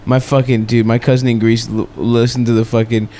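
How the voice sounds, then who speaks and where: A man's voice: medium pitch, level tone, fairly quick, dark tone, a little hiss or hum. A man co-hosting a comedy podcast, telling crude stories casually and laughing often. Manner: crude, giggly storytelling. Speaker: podcast co-host.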